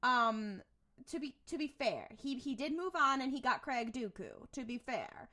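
Woman, podcast co-host, casual chat, animated, swearing, laughs a lot, high voice. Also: unhurried.

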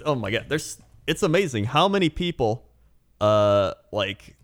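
A man co-hosting a casual chat, telling animated stories and mimicking people. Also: unhurried. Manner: animated storyteller, mimics people in high voices.

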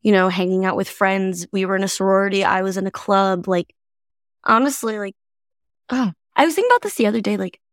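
A woman's voice: mid-range voice, brisk, no echo, studio quality. A woman in her twenties co-hosting a podcast, rambling casually with lots of "like". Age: 20s. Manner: animated, rambling, frequent "like". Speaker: podcast co-host. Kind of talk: casual chat.

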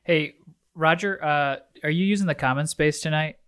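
Brief: obsessive rambling roommate, played by a man, smooth and clean tone. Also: a little high, moderate pace, a bit bright, lightly acted. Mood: sheepish. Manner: rambling, sheepish, hedging with likes. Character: obsessive young male roommate. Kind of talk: improvised comedy scene.

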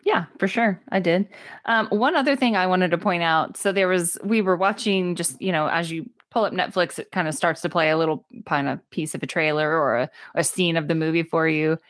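A woman co-hosting a casual movie podcast, chatty and quick to laugh. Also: fairly low pitch, dry recording, studio quality. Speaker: podcast co-host.

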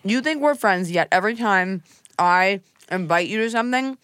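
A woman's voice: medium pitch, expressive, moderate pace, a bit bright, slight background noise. A woman comedian hosting a podcast, chatting and joking while snacking at the microphone. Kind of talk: casual podcast chat. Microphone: studio microphone.

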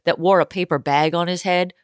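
A woman comedian co-hosting a podcast, chatting casually, animated and quick to laugh. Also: fairly low pitch, clear, resonant tone, dry recording, clean studio sound. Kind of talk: casual chat.

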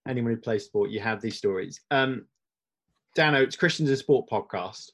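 Man hosting a podcast, mid-pitched. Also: moderate pace, fairly bright tone. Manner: encouraging, asks guests questions. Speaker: podcast host.

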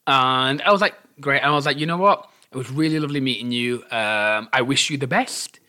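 A young man tells a story in casual chat. His voice is bright and forward. He slips into the voices of the people he quotes and laughs along with the telling. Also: medium pitch, a little fast. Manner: animated, acts out quotes, laughs while telling.

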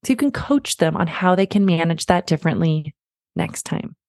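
A woman's voice: on the low side, expressive, moderate pace, a little mellow, dry recording, clean studio sound. A woman in her thirties hosting a parenting podcast, coaching parents in an earnest, encouraging way and repeating key phrases.

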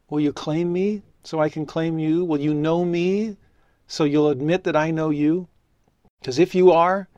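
A man's voice: a little high, dry recording. Earnest middle-aged male preacher, dry sound. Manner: earnest, conversational, voice drops softly at phrase ends. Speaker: preacher and religious teacher. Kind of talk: sermon with storytelling.

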